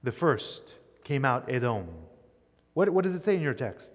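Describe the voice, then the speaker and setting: A man's voice: medium pitch, expressive, moderate pace, big-room sound. A man giving a conversational Bible lecture as a teacher, often checking in with his listeners. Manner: conversational, keeps asking "right?". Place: church.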